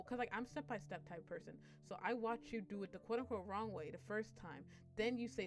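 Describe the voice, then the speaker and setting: A woman's voice: medium pitch, a little fast, few pauses, faint music behind. Rambling, profane young woman streamer. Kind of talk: casual live-stream chat.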